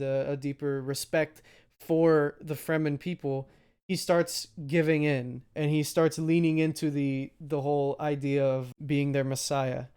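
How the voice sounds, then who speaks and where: A man's voice: on the high side, darkish tone, smooth. Casual movie podcast co-host, man, rambly asides, keeps cracking up. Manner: laughs often, rambling asides. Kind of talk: casual film review chat.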